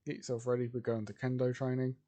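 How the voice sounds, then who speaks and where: A man's voice: mid-range voice, flat delivery, fast talker, dark tone, close to an everyday voice. A man voicing a joking middle-aged father.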